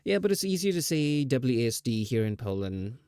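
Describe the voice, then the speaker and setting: A man's voice: medium pitch, sing-song, a little fast, mellow, clean tone, dry recording, clean studio sound. A man streaming live, chatting casually in a rambling, self-teasing way with laughs.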